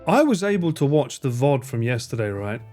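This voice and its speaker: A man's voice: medium pitch, big pitch swings, a little fast, darkish tone, faint music behind. A man in his thirties live streaming, joking and swearing in casual banter with his chat.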